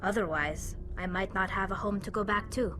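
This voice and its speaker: An actress voicing a young, homesick alien engineer in game dialogue, soft-spoken and hesitant. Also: female voice, mid-range voice, normal speed, background noise, natural voice. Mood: wistful.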